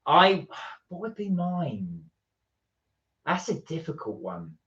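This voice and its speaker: A man's voice: on the high side, big pitch swings, slow pace, a bit bright. Chatty man reading live chat. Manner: chatty, reads viewer comments aloud. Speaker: livestream co-host. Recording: dull lo-fi stream audio.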